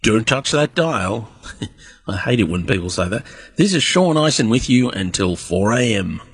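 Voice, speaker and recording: A man's voice: fairly low pitch, expressive, unhurried, husky. A man hosting an overnight radio show, chatting and telling jokes with dry humor. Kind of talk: casual radio banter and joke telling.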